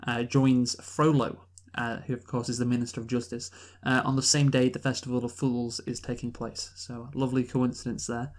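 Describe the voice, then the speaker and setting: A man co-hosting a casual movie review podcast, halting with fillers and dry sarcasm. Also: medium pitch, little pitch movement, a little mellow. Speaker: podcast co-host.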